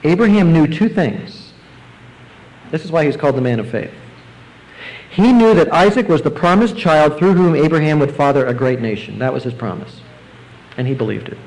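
A man preaching a sermon, explaining scripture verse by verse and rising now and then to emphatic, excited bursts. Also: a little high, normal speed, long pauses, poor audio. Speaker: pastor.

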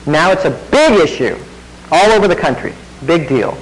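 A man's voice: a little high, animated, moderate pace, a little hiss or hum, low-quality recording. A man preaching a sermon in a conversational way, with wry asides to the congregation. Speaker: pastor.

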